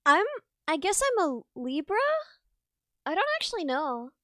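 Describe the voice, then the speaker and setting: High, lively woman streamer. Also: unhurried, no room sound, clean studio sound. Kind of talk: casual chat on a live stream.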